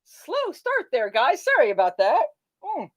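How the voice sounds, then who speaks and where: A woman with a slightly high voice sings cheeky folk ballads with a rollicking chorus, then drops into easy, chatty banter with her livestream viewers. She reads their comments aloud and thanks them between songs, like a renaissance faire performer entertaining from home. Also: huge pitch swings, unhurried.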